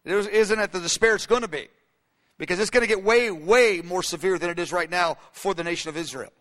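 A man's voice: high voice, a little fast, fairly bright tone. A man preaching a sermon, telling a story with many fillers and restarts. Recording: long hall reverb.

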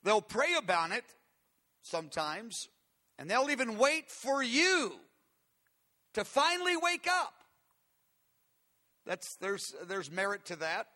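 A man's voice: high-pitched, sing-song, slow, pauses often, sharp tone. A man preaching a conversational, earnest sermon, asking his listeners questions as he teaches. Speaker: pastor.

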